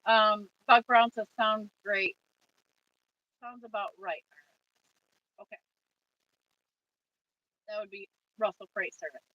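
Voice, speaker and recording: A woman's voice: medium pitch, steady tone, slow pace, pauses often, no room sound, far from the mic, dull audio. A woman hosting a casual trucking livestream, reading viewer comments aloud and chatting back to them.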